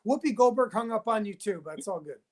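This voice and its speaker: A man speaking in a heated interview as a whistleblowing TV producer, emphatic and insistent, talking in rapid bursts and repeating himself. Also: sits high, expressive, darkish tone. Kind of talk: heated interview, phone-style conversation.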